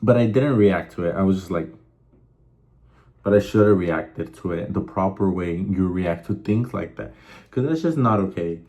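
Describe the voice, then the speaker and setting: A man's voice: low voice, a little mellow. A young man hosting a casual chat show, rambling through stories with lots of fillers and swearing. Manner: rambling, profane, filler-heavy storytelling. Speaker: host.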